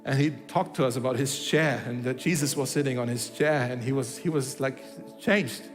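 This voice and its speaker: Preaching in a church hall at a moderate pace, a pastor with a medium-pitched voice tells a story and acts out the dialogue, often restarting his sentences. Faint music sits behind him, and the sound carries the feel of a big room.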